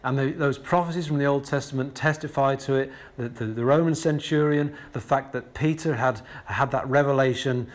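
A man preaching a sermon in a conversational way, slowing down to stress key words and repeating them for emphasis. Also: medium pitch. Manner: conversational asides with frequent fillers and restarts.

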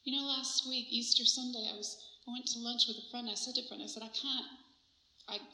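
Woman preacher, animated storyteller, crisp bright voice. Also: on the high side, a little fast. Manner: animated storytelling, laughs often. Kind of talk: sermon testimony. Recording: roomy echo.

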